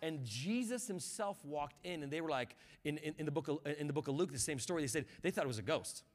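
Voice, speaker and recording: Male guest pastor with a high voice, a fervent preaching style, and a conversational delivery. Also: expressive, quick pace. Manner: passionate preaching that builds to shouts; conversational, with repeated words and restarts. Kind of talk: sermon.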